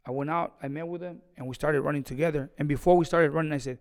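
Man, raised pitch, gravelly voice, boxing trainer telling stories, long reverb. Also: fast talker, few pauses. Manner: animated, re-enacts conversations. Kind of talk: storytelling in an interview.

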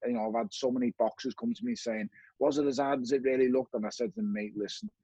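A man's voice: mid-range voice, fairly even intonation, fast talker, creaky, warm tone, husky, dry recording, highs cut off. A man, a former boxer, telling his story as a guest with blunt, frequent swearing and acted-out dialogue. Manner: blunt, swears often, acts out remembered dialogue. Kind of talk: candid conversational storytelling.

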